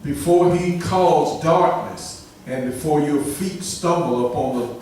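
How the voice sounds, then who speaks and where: A man reads scripture with slow, deliberate care. His higher voice sounds distant from the mic. It echoes heavily around the room over faint ambience. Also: darkish tone, slight background noise. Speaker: scripture reader. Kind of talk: reading scripture aloud.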